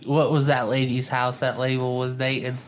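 A man co-hosting a casual podcast chat, excitable and profane, calling his friends "bro". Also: mid-range voice, normal speed, very noisy.

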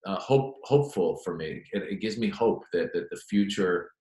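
A man, a stand-up comedian, answering interview questions in an animated, chatty storytelling way. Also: deep voice, moderate pace. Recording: echoey room.

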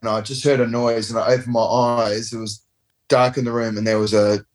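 A man's voice: medium pitch, little pitch movement, fairly quick. A man in his thirties, a rugby player, telling a rambling, laid-back story with casual swearing in an interview. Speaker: professional rugby player guest.

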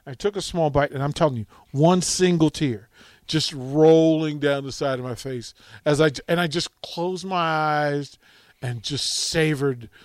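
A male radio host telling stories in casual call-in chat, swinging from loud to hushed. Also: fairly high pitch, a little slow, dry recording, clean studio sound. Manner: animated storytelling, dramatic swings from loud to hushed.

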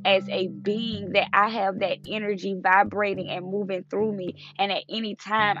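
Earnest young woman podcaster, gravelly voice. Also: medium pitch. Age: 20s. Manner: earnest, repetitive affirmations, swears casually. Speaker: podcast host. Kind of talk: casual motivational monologue. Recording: lo-fi with music underneath.

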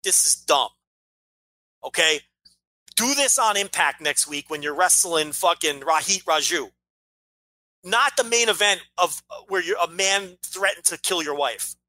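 Man, podcast co-host, heated profane ranting, swooping pitch, bright edgy tone, dry close sound. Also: animated, a little slow, no echo. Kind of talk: casual podcast chat.

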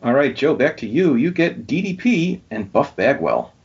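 A man's voice: mid-range voice, sing-song, normal speed, creaky, slightly rough. A man hosting a casual podcast trivia game, reading out questions and answers and laughing easily. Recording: dull lo-fi sound.

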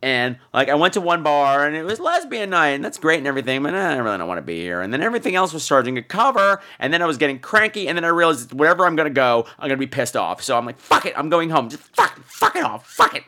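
A man's voice: fairly high pitch, sing-song, rapid-fire, hardly any pauses, pushed and bright. A man in his thirties hosting a podcast, telling a campy comic story with lots of mock voices. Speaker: podcast host. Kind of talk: comic monologue.

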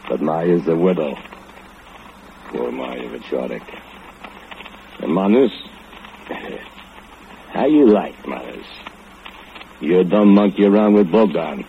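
A man's voice: sits low, expressive, slow pace, pauses often, full character voice. An actor playing a drunken, brooding male foundry laborer who speaks broken English and chuckles darkly, in old radio drama style. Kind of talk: 1940s radio acting. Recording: tinny old radio broadcast, hiss.

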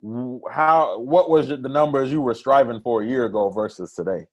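A man's voice: mid-range voice, normal speed, dull audio. A man as a podcast guest, talking in a laid-back, slangy, motivational way. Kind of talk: casual podcast interview.

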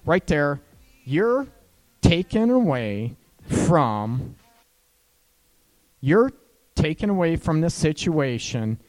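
A man's voice: medium pitch, a little mellow. A man giving casual relationship advice to listeners, talking loosely and often asking "right?" as he goes. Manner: chatty, keeps asking "right?", laughs at his own points.

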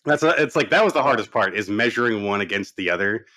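A man's voice: on the low side, expressive, fast talker, sharp tone, no echo. A man co-hosting a podcast in easygoing, upbeat casual chat, laughing often. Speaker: podcast co-host.

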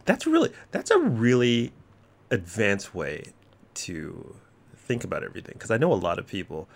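A man's voice: on the low side, wildly swooping pitch, normal speed, vocal fry. A man from Texas, in his thirties, co-hosting a casual podcast chat. He jokes, swears freely and drops into comic voices. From Southern US, Texas. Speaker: podcast co-host.

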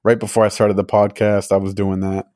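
A man's voice: fairly low pitch, little pitch movement, fairly quick, mellow, no room sound, clean studio sound. Young man rambling in casual podcast chat. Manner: rambling, many "like" fillers, laughs easily. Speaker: podcast co-host.

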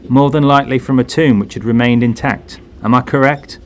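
A learned occult scholar, voiced by a male narrator, explains in a measured, lecturing manner in a spooky audio story. His voice stays at a middle pitch, with faint train noise underneath. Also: close to an everyday voice. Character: grave male occult expert, warning and learned.

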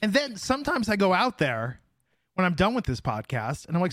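A man's voice: high voice, very animated, brisk, a bit bright, no echo, studio quality. Wry man hosting a podcast. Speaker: podcast host. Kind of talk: casual podcast chat.

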